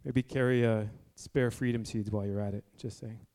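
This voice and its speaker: A man's voice: fairly even intonation, moderate pace. Blunt, fiery man preaching. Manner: blunt, swings between low intensity and loud exhortation. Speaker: preacher at a men's meeting. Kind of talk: fiery sermon. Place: indoor room with a gathered group.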